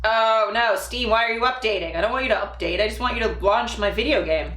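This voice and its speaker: A young woman streams live from a room at home, talking fast in a high, slightly bright voice. She tells rambling stories in a casual, giggly way, swearing freely, and the room sounds echoey.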